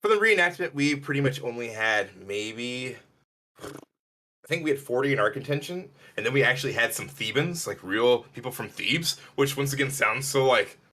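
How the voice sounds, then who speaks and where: A man from Illinois co-hosting a podcast, telling rambling stories and acting out other people's lines in a higher voice. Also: moderate pace. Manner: animated, rambling, acts out quotes in a higher voice. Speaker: podcast co-host. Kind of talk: casual storytelling chat.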